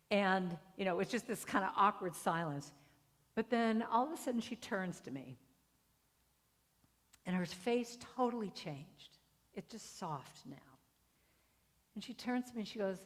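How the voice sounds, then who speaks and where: A woman's voice: mid-range voice, fairly quick. Woman, middle-aged, storytelling sermon, acts out voices, reverberant hall. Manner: animated, acts out voices in her stories. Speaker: guest speaker. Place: spiritual center hall.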